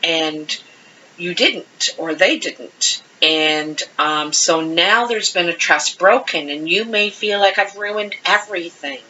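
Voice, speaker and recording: A woman leisurely lays out a tarot reading in a casual, rambling chat, laughing easily between cards. Her voice sits a bit low but has a bright, forward edge. The recording is dull and lo-fi, with a faint hiss underneath. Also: slow. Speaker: tarot card reader.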